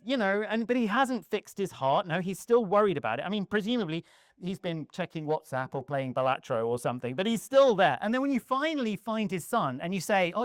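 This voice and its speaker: A man giving a lively, humorous talk from a conference stage, now and then acting out little scenes. His voice sits a bit high for a man and sounds close and dry. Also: no room sound. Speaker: conference speaker.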